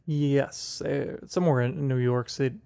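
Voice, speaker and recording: A man co-hosting a casual podcast, chatty and quick to laugh at his own jokes. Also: mid-range voice, fairly even intonation, gravelly, warm tone, smooth. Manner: chatty, laughs often, self-deprecating jokes. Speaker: podcast co-host. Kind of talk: casual chat.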